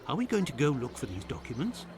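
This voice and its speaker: A man's voice: mid-range voice, huge pitch swings, fast talker, a little mellow, a little hiss or hum. An actor playing a jovial, proper male sidekick who exclaims a lot in a video game. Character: genial male sidekick Doctor Watson.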